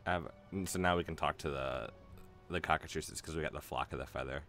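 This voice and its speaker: A man's voice: very deep voice, a little fast, fairly bright tone, soft background music. A man streaming a game, chatting casually in a rambling, hesitant way full of fillers. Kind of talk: casual let's-play chat.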